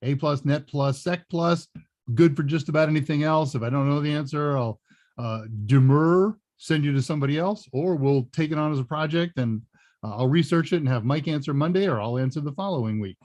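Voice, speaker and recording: A man's voice: fairly high pitch, brisk, darkish tone, no room sound. A man hosting a live tech Q&A, chatting casually and rambling with chuckling asides. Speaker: host and senior instructor. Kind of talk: casual livestream Q&A chat.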